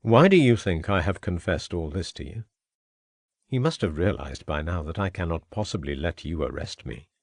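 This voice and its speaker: Casting: a man playing a gloating, murderous Victorian gentleman villain, low sneering voice, dry close sound. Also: lively intonation, normal speed, vocal fry, dry recording, full character voice. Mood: menacing.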